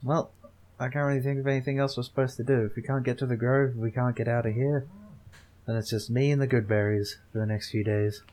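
A man at a tabletop gaming session tosses off dry jokes between turns. His voice is plain and mid-pitched, casual table chat. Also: fairly even intonation, fairly quick, darkish tone. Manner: dry, joking. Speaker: player. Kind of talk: casual tabletop game play.

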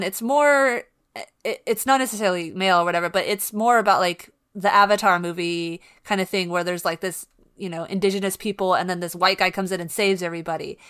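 A young woman co-hosting a casual podcast book discussion, chatty and animated, often restarting sentences and acting out quotes. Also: medium pitch, clear, resonant tone. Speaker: podcast co-host.

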